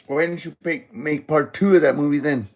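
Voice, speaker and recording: A man high on weed, rambling goofily in a meandering monologue addressed to God. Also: fairly even intonation, normal speed, a little mellow. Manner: goofy, meandering, talks to God. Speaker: vlogger. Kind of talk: rambling stream-of-consciousness monologue.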